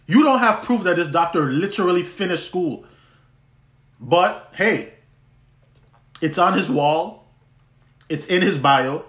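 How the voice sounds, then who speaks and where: A man's voice: on the high side, fairly bright tone. A young man hosting a podcast, telling a personal story in a conversational way with many restarts and easy laughs. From U.S. Virgin Islands. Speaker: podcast host. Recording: roomy echo.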